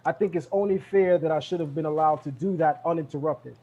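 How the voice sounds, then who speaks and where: A high-voiced man holds the floor on a live podcast and hammers his points home through repetition. His tone is confrontational and insistent. The call audio sounds dull and lo-fi. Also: brisk, warm tone, breathy edge. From Brooklyn, New York. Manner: emphatic, repeats phrases, confrontational. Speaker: guest speaker. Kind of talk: heated live podcast talk.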